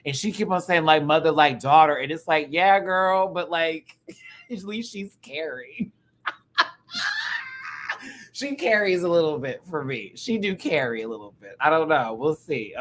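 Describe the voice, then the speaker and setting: A man giving casual live-stream commentary as a show reviewer, animated and campy, with quick asides and laughs. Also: a little high, slight background noise.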